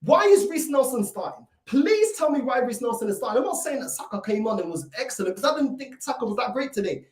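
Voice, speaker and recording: A woman's voice: a little high, very animated, fast talker, few pauses, a little mellow. A woman delivering a fuming, repetitive rant as a football fan reacting to a match. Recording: echoey room, mic at a distance.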